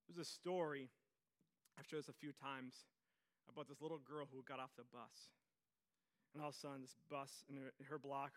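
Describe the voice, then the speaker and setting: Bright-voiced energetic male pastor. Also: mid-range voice. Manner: energetic storytelling preacher, repeats phrases. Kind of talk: sermon.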